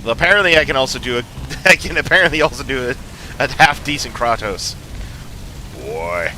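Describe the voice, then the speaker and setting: A man's voice: mid-range voice, quick pace, bright, forceful tone, slight background noise. A man streaming a game and chatting casually with his viewers, laughing often and restarting his sentences. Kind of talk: casual livestream chat.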